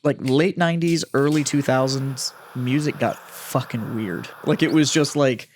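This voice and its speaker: A man's voice: medium pitch, fairly even intonation, a little slow, slight background noise. A man co-hosting a podcast, telling rambling, profane stories with lots of fillers. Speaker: podcast co-host. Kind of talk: casual chat.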